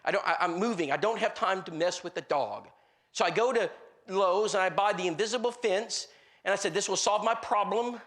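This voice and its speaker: A man's voice: high-pitched, brisk. A man preaching a sermon and telling stories, acting out the people in them, with many restarts and fillers. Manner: animated, acts out the people in his stories; frequent restarts and filler words. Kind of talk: storytelling sermon.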